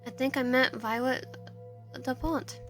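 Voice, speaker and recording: A woman's voice: high voice, fairly even intonation, measured pace, soft background music. A woman streamer reading a visual novel aloud, narration and player lines, often stumbling and restarting. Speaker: game streamer.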